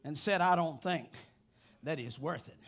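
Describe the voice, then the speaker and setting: A man preaching a sermon with passion, rising to shouting, his voice breaking into a cry at the peaks. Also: fairly high pitch, moderate pace. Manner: impassioned preaching that rises to shouting.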